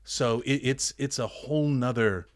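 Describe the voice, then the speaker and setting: A man's voice: medium pitch, a little slow, no room sound, studio quality. A man, a pastor and military veteran, telling his story in a candid podcast interview with earnest emphasis.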